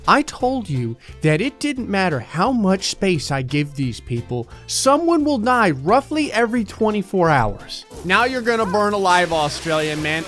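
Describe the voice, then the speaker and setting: A man giving sarcastic, comedic commentary over gameplay, voicing his characters in quick silly asides. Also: sits high, sing-song, fairly bright tone, faint music behind. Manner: sarcastic, playful, voices sims in silly asides. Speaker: let's play commentator.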